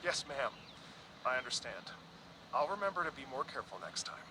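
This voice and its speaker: A man's voice: mid-range voice, very animated, fairly quick, close to an everyday voice. A man voicing a polite, formal traveling musician in a video game. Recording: game audio with clear background noise.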